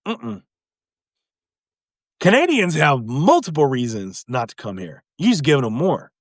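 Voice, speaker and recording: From a home livestream, a man hosts his own live video commentary show, talking politics in a casual, animated way, chuckling and mimicking others in mock voices. His medium-pitched delivery is unhurried, with long pauses and clean studio sound free of room noise.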